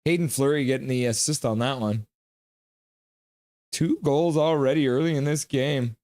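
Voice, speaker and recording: A man hosting a casual hockey live stream, chatting loosely and reading viewer comments aloud, sometimes yelling them in a high put-on voice. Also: moderate pace, no echo.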